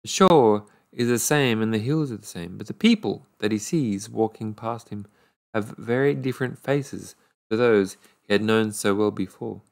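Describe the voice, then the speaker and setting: Low-voiced man reading a storybook aloud. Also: gravelly, darkish tone. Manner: unhurried, stumbles and corrects words. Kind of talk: read-aloud storybook narration.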